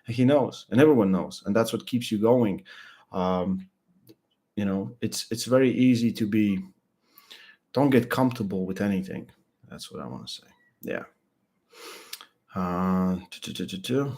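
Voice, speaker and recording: A young man chatting casually about arm wrestling, blunt and halting, full of restarts and fillers. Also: lowish voice, animated, a little mellow, husky. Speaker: arm wrestling podcast regular. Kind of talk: casual chat.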